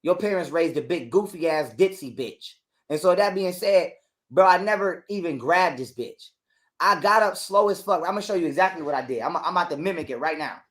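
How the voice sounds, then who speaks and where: A man's voice: on the high side, animated, brisk, fairly bright tone. A man telling a heated, profane story as a guest on an interview show. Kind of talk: casual storytelling.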